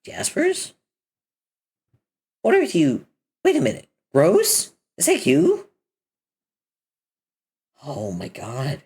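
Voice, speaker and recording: Woman reading a comic aloud: deep, husky, lively delivery, switches voices between characters. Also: extremely slow, long pauses. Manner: adds casual commentary between dialogue. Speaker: reader of a webcomic.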